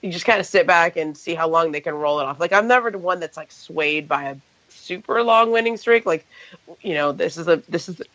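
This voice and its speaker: A woman's voice: fairly low pitch, fairly quick, a bit bright, no room sound, lo-fi sound. A woman co-hosting a basketball podcast, chatty and opinionated, peppering her talk with "like" and "right?". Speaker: podcast co-host. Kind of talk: casual sports talk.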